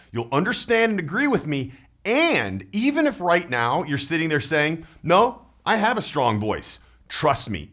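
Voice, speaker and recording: Male voice coach selling to camera: emphatic, salesy, very animated delivery in a slightly high register. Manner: emphatic, salesy, shifts between loud punches and low drops. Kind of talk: persuasive direct-to-camera pitch.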